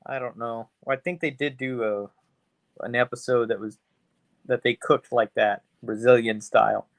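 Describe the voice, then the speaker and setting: A man's voice: medium pitch, fairly even intonation, no echo. Easygoing man with a dry, close sound. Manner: easygoing, halting, profane. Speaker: podcast co-host. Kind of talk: casual chat.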